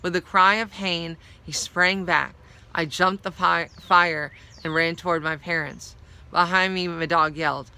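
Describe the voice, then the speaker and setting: A woman reading a children's novel aloud, telling the story in a measured, expressive first-person voice. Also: fairly low pitch, smooth, low-quality recording. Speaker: storybook reader.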